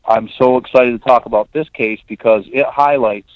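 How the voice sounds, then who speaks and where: A man's voice: medium pitch, steady tone, normal speed, dry recording. A middle-aged man, a defense lawyer, talking in a friendly and eager way as a guest on an interview show. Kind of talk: phone interview. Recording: tinny phone line.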